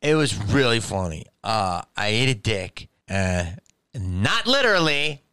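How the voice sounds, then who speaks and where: A man's voice: lowish voice, expressive, unhurried, a bit bright, clean tone, no room sound. A man in his fifties delivering a profane, rambling comedic monologue.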